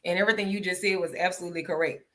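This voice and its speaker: A woman's voice: on the low side, steady tone, racing, bright, forceful tone. A woman hosting a live podcast, agreeing emphatically and speaking frankly in casual chat. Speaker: podcast host.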